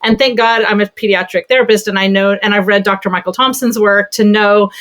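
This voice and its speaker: A woman pediatric therapist telling a story in a casual podcast conversation, animated and chatty. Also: mid-range voice, fairly quick.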